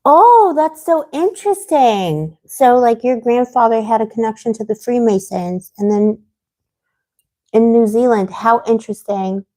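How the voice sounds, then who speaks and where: A woman's voice: fairly high pitch, flat delivery, normal speed, warm tone. Rambling woman venting on a live stream. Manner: rambling, getting heated and venting. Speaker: tarot reader hosting a live stream. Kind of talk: casual livestream chat answering viewers.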